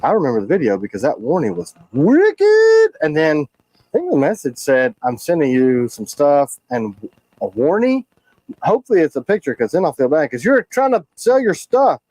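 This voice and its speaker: A man who makes knives, hosting a casual livestream and talking in a frustrated, animated way with quick asides. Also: fairly high pitch, dry recording, low-quality recording. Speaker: knife maker hosting a livestream.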